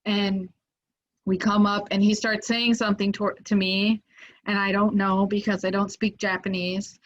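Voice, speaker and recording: A woman in the middle of a casual storytelling, filling her sentences with "like" and getting animated when the story peaks. Her pitch sits in the middle of the range. The sound is a little dull, as if from a basic podcast mic. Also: normal speed. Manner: animated, lots of "like" fillers, rises when excited. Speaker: podcast guest.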